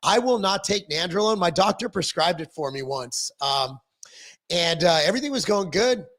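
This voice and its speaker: A man's voice: high-pitched, lively intonation, moderate pace, a bit bright. A middle-aged man hosting a casual livestream, reading viewer comments aloud and answering them in a rambling, self-deprecating way with frequent ums and restarts.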